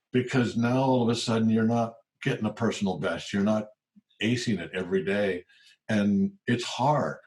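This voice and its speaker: A man's voice: mid-range voice, a little fast. A man, a former tech executive in his sixties, chatting in an interview and acting out the voices of the people in his stories. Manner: animated storyteller who acts out quoted voices. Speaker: guest, former tech CEO. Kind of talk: casual interview talk.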